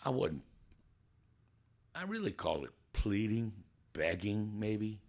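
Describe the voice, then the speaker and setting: A man's voice: on the low side, big pitch swings, slow, vocal fry, pauses often, darkish tone. A man telling a personal story with drama, building suspense and acting out the people in it. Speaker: guest telling his testimony.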